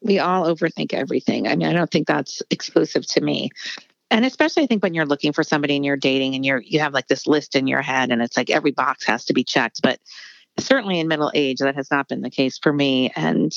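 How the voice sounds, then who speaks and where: A middle-aged woman with a low, gravelly voice talks candidly as a guest author, rambling and filling pauses. Her voice is close and dry, with a dull, slightly muffled tone. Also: no echo. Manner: candid, rambling, lots of fillers. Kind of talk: casual interview conversation.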